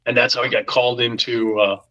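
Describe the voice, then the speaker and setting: A man telling a story on a podcast in a casual, animated way, acting out the voices of the people in it. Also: medium pitch, quick pace, muffled recording. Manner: animated, acts out quoted voices. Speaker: podcast guest.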